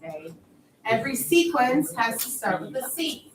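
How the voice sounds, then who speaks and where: A woman's voice: a little high, big pitch swings, normal speed, a little hiss or hum. A woman teaching a math class, explaining each step patiently, recorded from across an echoey classroom. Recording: echoey classroom, far mic.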